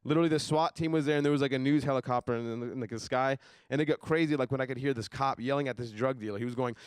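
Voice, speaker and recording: A man's voice: mid-range voice, very fast, hardly any pauses, clean tone, no room sound. A man telling a casual story as part of a stand-up comedy set on a club stage. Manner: casual storytelling, loose fillers.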